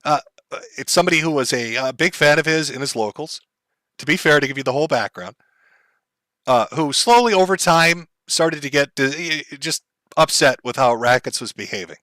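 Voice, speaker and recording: Bright-voiced man commentator. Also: fairly high pitch, lively intonation, dry recording. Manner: measured, explanatory, many fillers. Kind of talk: commentary on a stream clip.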